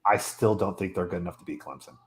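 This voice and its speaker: A man's voice: deep voice, fast, slight background noise. Fired-up male sports co-host at home. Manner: passionate, fired-up fan. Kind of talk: casual sports chat. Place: home room.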